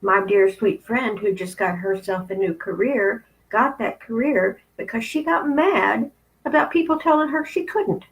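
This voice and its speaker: Here a woman in her fifties hosts a spiritual channel, offering a frank, conversational talk with occasional profanity. She has a high-pitched, fairly bright voice, captured on a low-quality recording.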